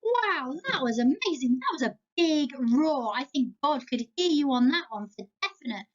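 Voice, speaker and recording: Her voice sits high, and the home-video recording from church is lo-fi. As a children's church leader with an English accent, she guides a Bible lesson for young kids in an animated, slow, playful way, cheering them on to participate.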